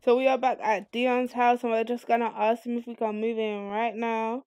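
A woman hosting a let's play, giving casual, excitable commentary on her game and cursing freely. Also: a little high, normal speed, no echo, clean studio sound. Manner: excitable, chatty, swears freely.

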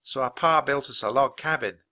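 A man's voice: mid-range voice, normal speed, pushed and bright. A man reading aloud as a friendly pioneer farm boy, speaking openly and earnestly. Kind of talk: children's audiobook reading.

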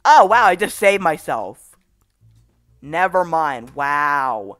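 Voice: medium pitch, very animated, takes it slowly, long pauses, a bit bright, dry recording, faint music behind. A gaming channel host giving gameplay commentary, frustrated and swearing, with raging outbursts.

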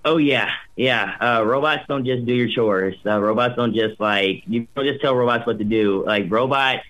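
A man's voice: medium pitch, normal speed, fairly bright tone, rough recording. A young man, a voice actor, chatting upbeat in an interview, rambling with lots of fillers and restarts. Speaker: voice actor guest. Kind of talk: casual interview chat.

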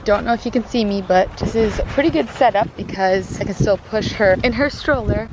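A young mom vlogger chats casually straight to her viewers on a handheld phone camera through a day-in-the-life vlog, first at home, then on a walk and at a park, saying "like" and "literally" a lot. Her medium-pitched voice is a little fast, with a noisy background and music playing underneath.

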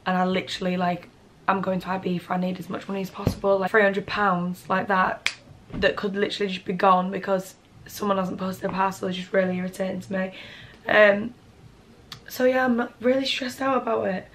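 A woman's voice: medium pitch, little pitch movement, fairly quick, noisy background. A young woman in her twenties with a Northern English accent, chatting casually to camera in a rambling vlog, full of fillers. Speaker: vlogger.

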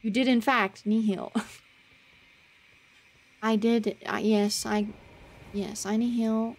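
Slow-talking flustered woman streamer. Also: a little high, flat delivery. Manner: flustered, self-mocking, swings into loud panicked outbursts; swears casually, talks to chat. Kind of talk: casual gameplay commentary. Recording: faint game music behind.

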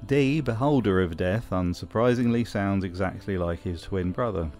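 A man's voice: low voice, normal speed, darkish tone, soft background music. Dry male narrator. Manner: dry, wry. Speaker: video essay narrator. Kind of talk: scripted narration.

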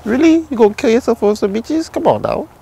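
A man's voice: extremely high pitch, animated, fast, creaky, warm tone, slightly rough, full character voice. A man playing Luigi, a cowardly plumber who rambles, jokes and panics in a comedy skit. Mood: nervous. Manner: rambling, jokey, jumpy, keeps panicking. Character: jittery cowardly adult male plumber Luigi. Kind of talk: comedy skit role-play. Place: outdoors in a village.

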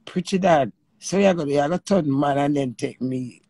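A woman with a Jamaican accent hosts a live stream with callers, animated and emotional, swearing freely in patois. Her voice is low-pitched at a moderate pace, with no echo.

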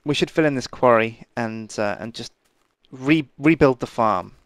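A man's voice: medium pitch, moderate pace, dry recording. A man co-hosting a casual gaming video, joking and bantering. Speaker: co-host Minecraft let's play. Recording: dry close mic with faint music.

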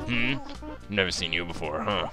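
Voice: low-pitched, moderate pace, pushed and bright, faint music behind, pitched below the performer's own voice. A young gamer voicing a shy male dog villager who stammers nervously.

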